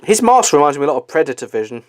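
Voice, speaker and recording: A man's voice: fairly high pitch, very animated, racing, dry recording. A young man giving a casual movie commentary, chatty and swearing, with lots of fillers and laughs.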